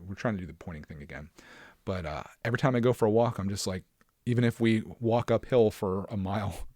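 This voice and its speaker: A man's voice: on the low side, fast, dark tone, no echo, clean studio sound. A man hosting his own podcast alone, talking casually in a rambling way with lots of fillers and self-deprecating asides. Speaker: podcast host. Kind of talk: casual solo podcast chat.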